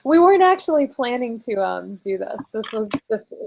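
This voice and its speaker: A woman rambles through a casual live-streamed video chat, giggling between thoughts. Her voice has a gravelly fry at the bottom, and she talks in loose, looping sentences full of fillers. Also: a little high, big pitch swings, normal speed, darkish tone, slight background noise, low-quality recording. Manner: giggly, rambling, lots of likes. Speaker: vlogger. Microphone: video call.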